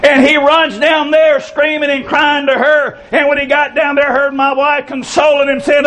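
High-voiced folksy preacher. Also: male voice, fairly even intonation, rough recording. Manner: folksy storytelling preacher, drawn-out emphatic phrases, bursts of shouting. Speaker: pastor. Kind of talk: sermon.

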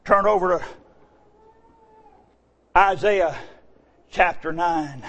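A middle-aged preacher man with a drawl and a high voice delivers a revival sermon. He drops to quiet asides, then climbs into shouted exclamations. At times he pulls away from the mic. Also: slow pace, pauses often, rough recording.

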